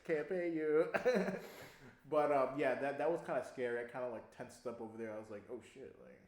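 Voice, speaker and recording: A young man casually telling a long story on a podcast, animated, laughing often and swearing freely. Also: medium pitch, fairly quick. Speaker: podcast co-host. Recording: echoey room.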